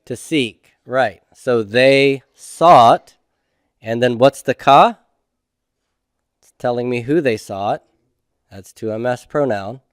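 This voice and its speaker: Middle-aged man, patient classroom lecturer, unhurried, dry recording. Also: mid-range voice, no echo. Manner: slow, methodical, checks in with "okay?". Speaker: Hebrew instructor.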